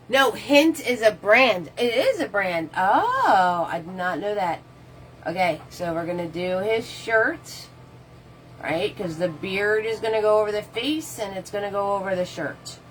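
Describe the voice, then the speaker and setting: A woman's voice: medium pitch, animated, unhurried, fairly bright tone, slight background noise, low-quality recording. Chatty woman teaching a painting class. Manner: chatty, answers viewer comments while painting; casual, loose step-by-step instructions. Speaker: painting instructor. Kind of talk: live painting tutorial.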